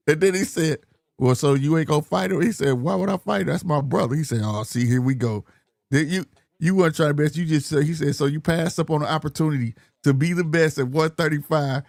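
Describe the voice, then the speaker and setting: A man co-hosting a boxing talk stream, retelling a press event in lively, profane casual chat. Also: a little high, no room sound, clean studio sound. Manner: animated, profane storytelling with laughs. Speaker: boxing podcast co-host. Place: home studio, live stream.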